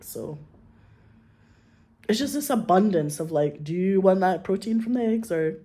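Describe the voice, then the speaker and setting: A woman's voice: lowish voice, lively intonation, fairly quick, mellow. A woman chatting in an interview, rambling and effusive, full of "like" and acted-out quotes. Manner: rambling and effusive, heavy on "like", acts out quoted voices. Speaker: filmmaker guest. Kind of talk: casual chat.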